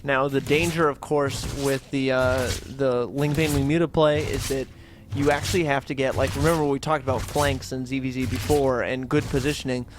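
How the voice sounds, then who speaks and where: A man doing quick, excitable play-by-play commentary on a strategy game match. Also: mid-range voice, noisy background. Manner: quick, excitable, rises on big plays. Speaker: esports caster.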